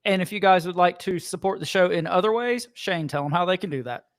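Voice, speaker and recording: A man's voice: high-pitched, fast talker. A man co-hosting a casual podcast, making dry, wry quips. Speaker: podcast co-host. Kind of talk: casual comedic chat.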